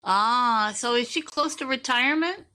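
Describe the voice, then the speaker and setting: Bright, chatty woman podcast host. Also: a little high, moderate pace, clear, resonant tone. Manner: chatty, repeats words as she asks questions. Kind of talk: casual interview.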